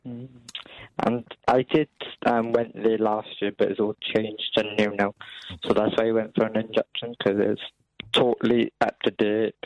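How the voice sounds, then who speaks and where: A man's voice: on the low side, level tone, normal speed. A young man calling a radio show, hesitant and rambling, eager to please. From England. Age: young adult. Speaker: caller. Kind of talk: phone-in call. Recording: dull lo-fi phone line.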